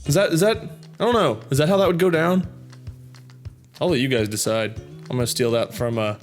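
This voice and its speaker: With faint music behind him, a man briskly reads out viewer comments, his medium-pitched voice expressive and a bit scratchy from a slightly sore throat. The chat is casual, and he keeps breaking into loud, goofy outbursts.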